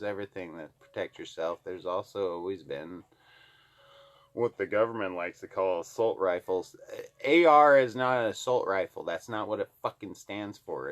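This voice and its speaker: A man from Alaska ranting heatedly to the camera, swearing constantly. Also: on the low side. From Alaska, USA. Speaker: vlogger. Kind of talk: angry political rant to camera.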